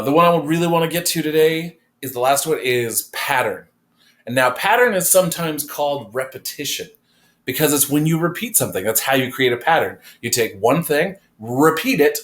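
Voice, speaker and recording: A man's voice: mid-range voice, lively intonation, a little fast, fairly bright tone. A man teaching an art class, explaining design principles in a casual, conversational way with fillers, recorded in a classroom. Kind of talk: classroom lecture.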